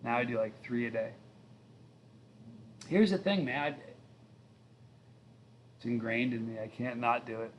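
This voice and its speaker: A man's voice: medium pitch, a little slow, long pauses, a little hiss or hum. A man in his fifties hosting a live stream, chatting casually, reading viewer questions and rambling through stories. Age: 50s. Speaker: livestream host.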